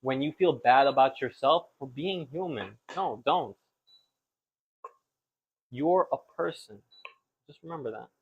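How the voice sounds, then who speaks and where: Cooking in a home kitchen, this young podcast host chats and rambles casually, poking fun at himself along the way. He speaks unhurriedly with long pauses, his voice husky and medium in pitch, captured on slightly dull lo-fi audio.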